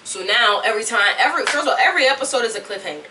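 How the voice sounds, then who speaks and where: Casting: rambling young woman vlogger, put-on Southern drawl, bright voice, distant camera mic with faint room noise. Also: on the high side, animated, rapid-fire. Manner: chatty, rambling yapper. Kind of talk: casual chat to camera.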